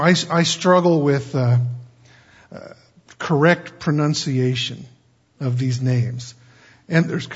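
A man preaching a folksy Bible-teaching sermon, chatty and digressive with joking asides, on a dull lo-fi recording. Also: fairly high pitch.

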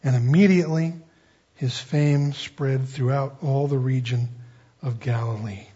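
A man's voice: medium pitch, fairly even intonation, measured pace, warm tone, breathy edge. A male pastor preaching a sermon in a folksy, conversational way, with homey asides. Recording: dull lo-fi recording.

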